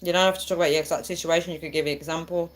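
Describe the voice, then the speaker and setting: A woman's voice: low voice, fairly even intonation, very fast. A woman hosting a live stream, chatting with viewers in a chatty and encouraging way. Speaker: livestream host.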